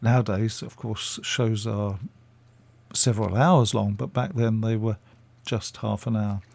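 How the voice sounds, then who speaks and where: A man's voice: fairly low pitch, steady tone, a little slow, creaky, a little mellow, no room sound. An older man from England, a radio interview guest, telling chatty stories with fillers.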